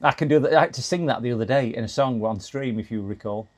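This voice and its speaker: A man's voice: medium pitch, quick pace, a little mellow. A middle-aged man casually chatting to his live-stream audience while repairing a computer, often restarting sentences and laughing. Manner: chatty, talks to chat while working, frequent restarts and laughs.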